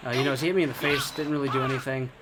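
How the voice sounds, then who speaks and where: A man's voice: medium pitch, fairly even intonation, very fast, very noisy. A man chatting casually while reviewing an old fighting game, rambling with lots of fillers and restarts.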